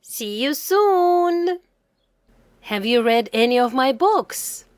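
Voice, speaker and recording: A woman giving an English reading lesson to a child, saying words slowly and clearly and repeating them for the learner. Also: sits high, lively intonation, dry recording.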